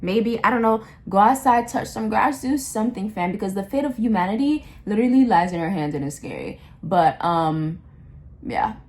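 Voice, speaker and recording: A woman's voice: medium pitch, animated, moderate pace, a little mellow. A young adult woman in a blunt, impassioned rant, slangy and full of repeats and restarts. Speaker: vlogger. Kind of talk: casual ranting monologue.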